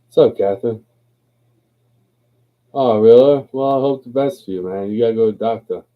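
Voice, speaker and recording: A man's voice: on the low side, quick pace, narrow, tinny audio. A tipsy man hosting a livestream, rambling in a laid-back, profane way. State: tipsy from drinking. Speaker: livestream host. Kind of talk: rambling casual livestream chat.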